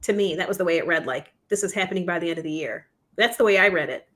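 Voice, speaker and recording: A woman's voice: on the low side, fast, fairly bright tone. A woman co-hosting a talk show, discussing news in a conversational, earnest way and laughing easily. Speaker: podcast co-host. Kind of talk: casual discussion.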